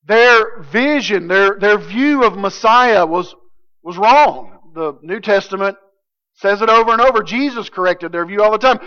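A male pastor delivers a sermon at a measured pace in a high, bright, ringing voice that is smooth and clear. He hammers his points home emphatically, swinging between loud declarations and hushed intensity, and the recording sounds slightly dull and lo-fi.

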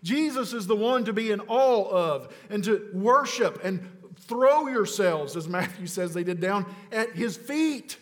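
Pastor guy preaching, kinda high voice, goes loud then drops real quiet, big echo tail. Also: animated. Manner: emphatic preaching, swinging from loud urgent declarations to low, slow, quiet stresses; casual asides mixed with scripture teaching. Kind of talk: sermon.

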